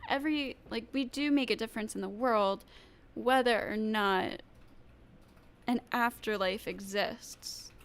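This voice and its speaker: A woman streaming live, commenting casually on a debate, halting with many ums and restarts. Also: a little high, slight background noise.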